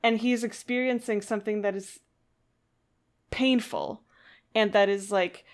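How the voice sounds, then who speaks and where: A woman's voice: medium pitch, steady tone, unhurried. A woman co-hosting a podcast in casual chat, thoughtful and hesitant, with frequent fillers and restarts. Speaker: podcast co-host.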